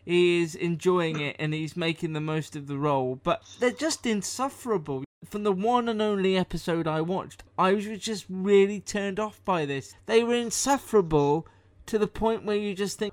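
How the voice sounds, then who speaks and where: A man's voice: high voice, normal speed. A man on a podcast, giving dry, wry remarks in casual review chat. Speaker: podcast co-host.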